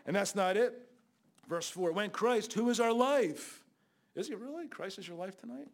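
An older man preaching a fiery Bible sermon as a guest preacher, scolding loudly and then dropping to low asides. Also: lively intonation, normal speed, vocal fry. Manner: loud, scolding, shifts between shouting and low asides.

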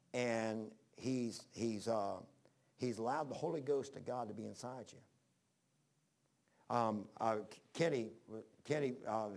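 Here a man with a mid-range, slightly mellow voice delivers a folksy, wandering sermon. He shares stories from his own life, keeps starting sentences over, and reads Bible passages in old-fashioned phrasing.

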